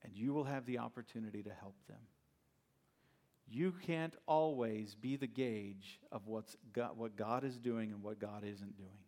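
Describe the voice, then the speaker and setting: Gravelly-voiced preacher telling stories. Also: male voice, lowish voice, a little slow, darkish tone. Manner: conversational, storytelling, asks rhetorical questions. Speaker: pastor. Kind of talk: sermon.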